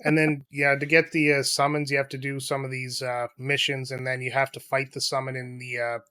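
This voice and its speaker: A man's voice: medium pitch, level tone, a little fast, bright, forceful tone, clean tone. Blunt, profane man in casual chat. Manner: blunt, profane, exasperated rants. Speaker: podcast co-host.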